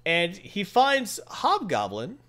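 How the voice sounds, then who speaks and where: A man's voice: sits high, huge pitch swings, takes it slowly, fairly bright tone. A man hosting a casual chat, retelling a comic book story and acting out the characters' lines. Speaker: comic book podcast host.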